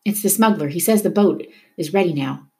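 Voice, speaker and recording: A woman's voice: fairly low pitch, a little fast, mellow, natural voice. A woman voicing a weary, cautious refugee father who speaks firmly and politely, in a storybook read-aloud. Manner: weary, firm.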